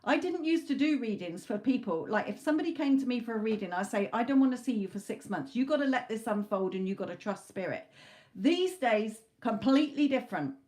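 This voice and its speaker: A woman reading tarot on a live stream, talking to viewers in a blunt, animated way and swearing casually. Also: fairly high pitch, brisk. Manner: animated, acts out clients' panicked voices.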